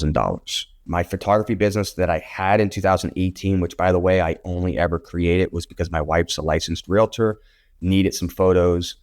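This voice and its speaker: A low-voiced man in his thirties, a real estate photographer guesting on an interview show, tells his story bluntly and animatedly, swearing now and then.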